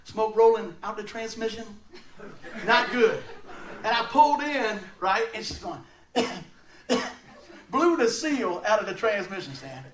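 A man giving a sermon, telling stories in an animated way and laughing often as he talks. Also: high-pitched, a little slow. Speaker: preacher. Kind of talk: storytelling sermon. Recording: roomy sound, mic at a distance.

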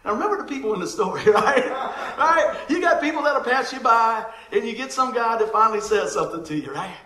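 A man's voice: extremely high pitch, animated, a little fast, bright, forceful tone, roomy sound. A man, a pastor telling a comic story at the start of his sermon and laughing often along the way.

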